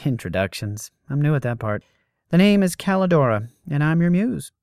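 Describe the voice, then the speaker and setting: A man voicing Calidora, a husky, brusque muse. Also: on the high side, very animated, normal speed, a little mellow, no echo, studio quality, voice pushed up. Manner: blunt and offhand. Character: brusque, blunt young female muse.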